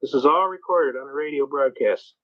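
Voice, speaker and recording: A man telling folksy courtroom stories fast in a lecture. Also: mid-range voice. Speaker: speaker on self-representation in court. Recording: dull lo-fi recording.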